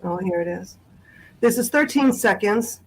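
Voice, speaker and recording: Halting woman speaking over a video call. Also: medium pitch, expressive, a little mellow, low-quality recording. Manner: halting, with frequent pauses and restarts. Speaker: guest sharing a family memory. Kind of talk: personal testimony on a video call.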